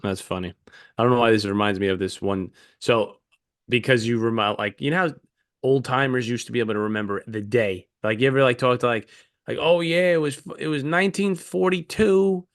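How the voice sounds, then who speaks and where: A man co-hosting a podcast, telling a profane, animated story in casual chat and acting out the people in it. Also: on the low side, a little fast. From New York. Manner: animated, profane, acts out voices in anecdotes. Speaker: podcast co-host.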